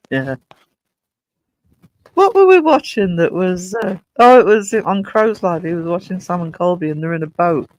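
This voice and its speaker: A man's voice: high voice, big pitch swings, measured pace, long pauses. A man hosting a livestream in casual chat, reading out viewer comments and greeting people by name. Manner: chatty, reads viewer comments aloud and greets them. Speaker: livestream host.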